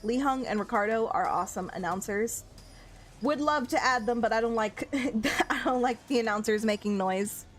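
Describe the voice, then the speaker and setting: A young woman with a slightly high voice streams a game and chats excitedly. She gushes and giggles her way through casual commentary. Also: normal speed, faint music behind.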